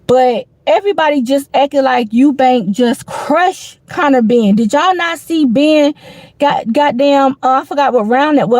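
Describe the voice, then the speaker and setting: On a live boxing show, a woman host chats loosely and rambles, dropping "you know what I'm saying" again and again. Her voice is fairly high and warm, and the rough recording carries no room sound, suiting this casual live stream commentary.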